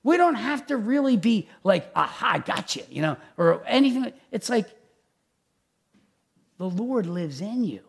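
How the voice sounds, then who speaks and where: A man who is a pastor, preaching a conversational sermon in an animated, chatty way with many asides. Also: high-pitched, unhurried, gravelly, pauses often.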